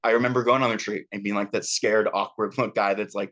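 Low-voiced man, support group leader, earnest, heartfelt, lots of "like". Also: steady tone, fast talker, few pauses, a bit bright. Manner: earnest, heartfelt, filler-heavy with "like". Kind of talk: emotional personal sharing. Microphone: video call.

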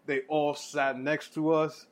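Animated, profane New storyteller. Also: male voice, fairly high pitch, takes it slowly. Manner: animated, profane, laughs often. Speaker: podcast co-host. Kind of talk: casual storytelling.

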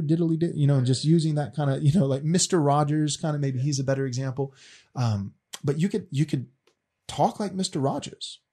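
Husky male teacher, casual, earnest, restarts often. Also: mid-range voice, a little mellow. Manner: earnest, repeats words as he restarts.

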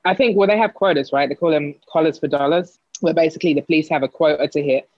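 A man talks in a loose, storytelling way, full of likes and quick restarts. His voice sits a bit high. The sound is dry and close, with a dull, muffled tone. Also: dry recording. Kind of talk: casual conversation.

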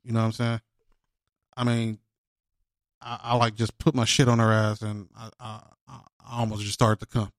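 A man's voice: fairly low pitch, little pitch movement, moderate pace, long pauses, no room sound. Laid-back man, bone-dry sound. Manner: laid-back, rambling, drops "man" often. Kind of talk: casual chat.

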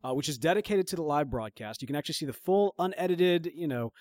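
Podcast co-host: Southern man, easygoing rambler, slightly high voice, dry close mic. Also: fast talker, no room sound. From Mississippi. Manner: relaxed, laughs often, loose rambling asides. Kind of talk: casual chat.

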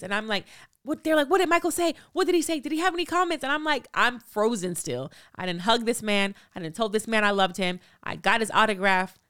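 A woman in her thirties hosting a podcast, telling a story in an animated, breathless way. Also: mid-range voice, smooth, no room sound, studio quality. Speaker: podcast host.

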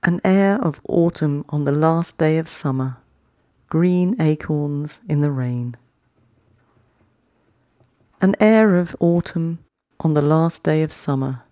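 A poetry-podcast host reads short poems in an unhurried, deliberate way, pausing long between lines. The voice is mellow and of middling pitch. The sound is dry and close, with no room around it. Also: no room sound. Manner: reads each short poem twice with long pauses; chatty, quicker sign-off. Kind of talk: slow, measured poetry reading.

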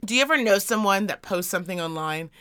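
A woman's voice: medium pitch, animated, quick pace, pushed and bright, smooth, dry recording. A woman co-hosting a podcast in casual chat, blunt and sweary, ranting with lots of energy. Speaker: podcast co-host.

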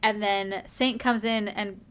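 A woman's voice: mid-range voice, steady tone, takes it slowly, a bit bright, smooth. A woman hosting a book podcast, casually recapping a chapter in a chatty, filler-heavy way. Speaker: book discussion podcast host.

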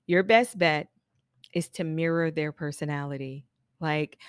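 A chatty woman with a somewhat low voice talks casually to hairstylists about running a business. She laughs often and slips into quick impressions of her clients. The sound is dry and close, with no room around it. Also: smooth, no echo. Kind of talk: casual solo podcast talk.

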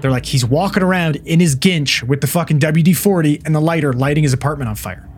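Swearing paramedic telling a story. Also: male voice, on the high side, fast talker, husky. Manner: profane, animated storyteller who acts out what people said. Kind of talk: casual storytelling chat.

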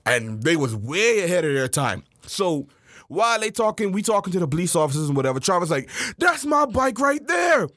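A man co-hosting a podcast, telling stories from his childhood in a loose, animated way and acting out the voices of the people in them. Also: on the high side, a little fast, no room sound, studio quality. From South Florida. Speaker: podcast co-host. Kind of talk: casual storytelling chat.

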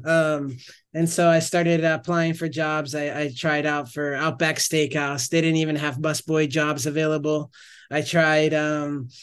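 A man in his thirties talks casually as a podcast guest, his voice pitched a little higher than most men's. He rambles through his stories, stops partway and restarts his sentences as he goes. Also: clean tone. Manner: rambling, self-correcting storyteller with frequent restarts. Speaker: missionary guest. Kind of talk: casual storytelling interview.

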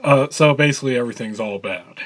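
A man's voice: medium pitch, quick pace, a bit bright. A man speaking as a podcast guest in a casual chat, wry and joking. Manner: wry, joking, laughs along.

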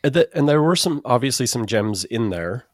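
A man's voice: mid-range voice, lively intonation, fairly quick, dry recording, clean studio sound. A man co-hosting a podcast in casual chat, with many restarts and fillers. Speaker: podcast co-host.

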